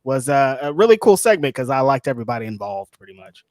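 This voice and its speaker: A man co-hosting a casual chat show, relaxed and rambling, with easy laughs. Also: mid-range voice, fast talker, dry recording, studio quality. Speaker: podcast co-host.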